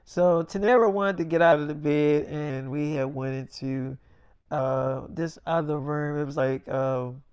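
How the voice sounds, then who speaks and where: A man's voice: a little high, fairly even intonation, measured pace, a little mellow, clean tone, no echo, clean studio sound. Man rambling through a casual story.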